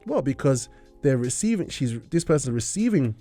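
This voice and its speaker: A man's voice: mid-range voice, very animated, moderate pace, mellow, faint music behind, natural voice. A man voicing a sly, scheming male head demon who mocks and coaxes his prey. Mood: smug.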